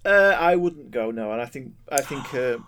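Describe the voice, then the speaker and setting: A man co-hosting a podcast, tossing in jokes and quick quips during a casual chat. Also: medium pitch, lively intonation, a bit bright. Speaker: podcast co-host.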